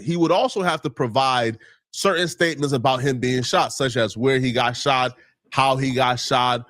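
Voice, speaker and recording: A man's voice: mid-range voice, fairly bright tone, no echo. A man explaining something casually in a reaction stream, stressing key words. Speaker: commentator.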